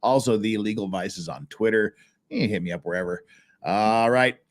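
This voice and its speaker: A man's voice: on the low side, normal speed. A man hosting a casual livestream chat, reading viewer messages with frequent laughs, restarts and a rambling manner. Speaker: channel host.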